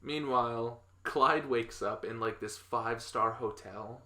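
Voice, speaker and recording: A man's voice: medium pitch, unhurried, pushed and bright. A young man co-hosting a podcast, casually recapping a comic book plot in a rambling, storytelling way with plenty of laughs. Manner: rambling storyteller, acts out quotes, laughs often. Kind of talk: casual chat. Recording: echoey room.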